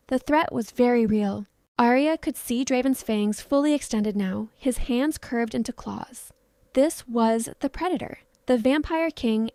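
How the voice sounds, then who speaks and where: Woman narrating a romance audiobook, steady and dramatic, mellow, a bit high. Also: dry recording, studio quality.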